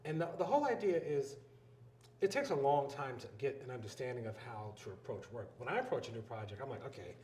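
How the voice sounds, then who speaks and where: A man's voice: medium pitch, fast. A man with a Philadelphia accent, a filmmaker and educator, telling stories in an interview and acting out the people in them. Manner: animated storyteller, acts out quoted voices. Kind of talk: storytelling interview talk. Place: live event venue. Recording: roomy live event recording.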